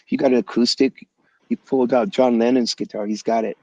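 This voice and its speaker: A man in a relaxed interview, spinning animated stories in a casual, slangy way. His voice sits at an ordinary middle pitch. It comes through a muffled, lo-fi video call with a dry, close sound. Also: brisk, no room sound. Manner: animated, slangy storyteller, calls people "man" and "bro". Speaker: guest musician. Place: home in Los Angeles area.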